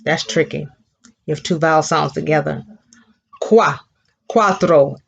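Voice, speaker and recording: Female teacher, lowish voice, slow and patient, encouraging young learners; muffled lo-fi recording. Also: fairly even intonation, gravelly, breathy edge. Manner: patient, encouraging, models words slowly for children to repeat. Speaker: Spanish teacher. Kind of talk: elementary Spanish lesson.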